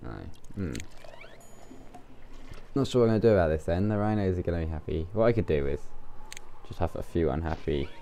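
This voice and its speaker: Deep gravelly male gamer. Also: fairly quick, long pauses, warm tone, slight background noise. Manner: rambling, thinks aloud while playing. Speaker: let's play gamer. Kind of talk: casual gameplay commentary.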